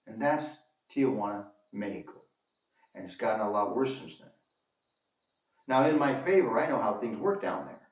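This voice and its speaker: A man's voice: on the low side, animated, normal speed, long pauses. A man telling a story to his viewers in an emphatic rant, repeating lines for effect and calling them folks. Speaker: commentator on his own channel. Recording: echoey room, distant from mic.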